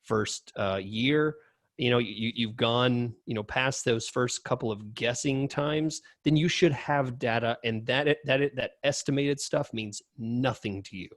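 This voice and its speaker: A man's voice: mid-range voice, unhurried, no echo. A man co-hosting a podcast, speaking casually and emphatically with many fillers and repeated starts. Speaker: podcast co-host.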